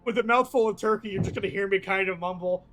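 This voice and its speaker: A man's voice: sits high, quick pace, a bit bright. A man playing a tabletop game, chatting casually, stammering and swearing freely. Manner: swears a lot, stammers, laughs. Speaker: player.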